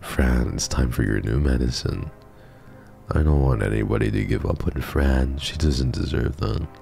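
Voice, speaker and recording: A man's voice: a bass voice, animated, normal speed, creaky, warm tone, soft background music. A male streamer chatting emotionally and swearing while playing a horror game. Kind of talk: live game commentary.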